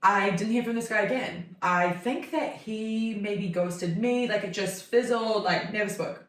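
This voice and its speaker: A woman's voice: medium pitch, measured pace, distant mic. A woman in her thirties telling a long, chatty story in casual conversation, with "like" all through her talk. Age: 30s. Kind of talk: casual chat. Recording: echoey room, voice off-mic.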